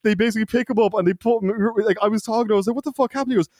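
A man's voice: sits high, fairly even intonation, racing, darkish tone, no echo, studio quality. A young Irish man, a podcast co-host, telling a loose, profane anecdote in casual chat, laughing and acting out quotes. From Ireland.

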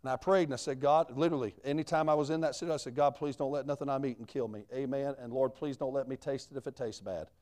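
A man's voice: medium pitch, steady tone, quick pace, few pauses, darkish tone. A man, a missionary preacher telling his story in a sermon in a folksy, plain-spoken way.

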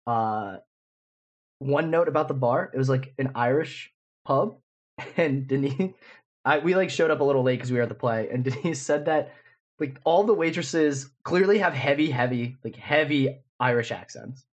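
With a mid-range voice at a moderate pace, a man in his twenties chats casually as a podcast co-host, wandering through a story heavy on fillers.

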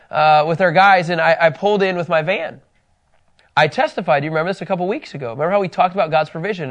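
High-voiced man teaching a Bible study. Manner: animated, conversational, tells personal stories.

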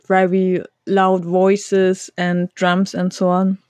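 Slow, halting woman in casual chat. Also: fairly low pitch, monotone, darkish tone, no echo. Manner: halting, many fillers and restarts, laughs often. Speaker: podcast co-host.

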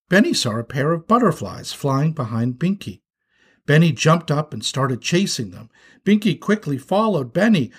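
Man reading a children's story, breathy. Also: mid-range voice. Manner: expressive, animated reading.

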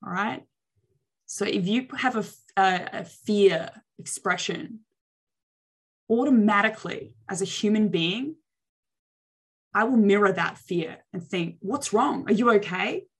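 A young adult woman coaching on social skills in a lively motivational talk, acting out reactions with exaggerated expressions. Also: medium pitch, takes it slowly, long pauses, breathy edge.

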